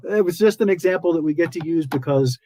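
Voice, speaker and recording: A man's voice: on the high side, fast talker, darkish tone, low-quality recording. A man hosting a podcast, talking casually and animatedly, acting out his inner voice and repeating words for emphasis. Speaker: podcast host. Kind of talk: casual spiritual talk.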